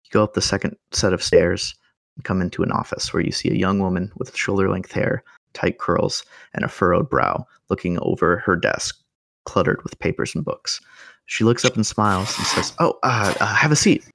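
A man's voice: low voice, steady tone, normal speed, vocal fry, fairly bright tone, no echo. A man hosting and narrating a tabletop game as game master in an easygoing, descriptive way.

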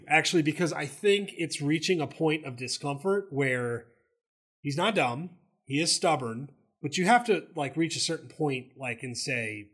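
Southern guy co-hosting a sports show, kinda high voice, jumps in a lot. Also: breathy edge. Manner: animated, talks over his co-host. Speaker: co-host. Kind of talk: casual sports chat.

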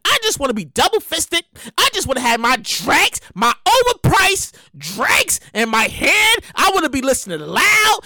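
A woman's voice: sits high, sing-song, moderate pace, hardly any pauses, pushed and bright, no echo, studio quality. A woman hosting a podcast in casual comedic commentary, exclaiming and repeating herself. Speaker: podcast host.

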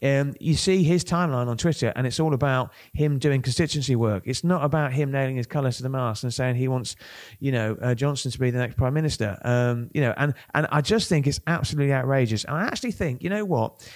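Podcast co-host guy, worked up and indignant, repeats words a lot, mid pitch. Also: quick pace, hardly any pauses, darkish tone. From Northern England. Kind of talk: casual political chat.

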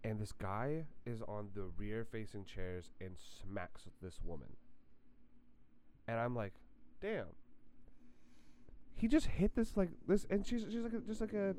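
Smooth-voiced man telling a story. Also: mid-range voice, unhurried. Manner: animated, full of "like" fillers and restarts. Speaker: podcast co-host. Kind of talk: casual storytelling.

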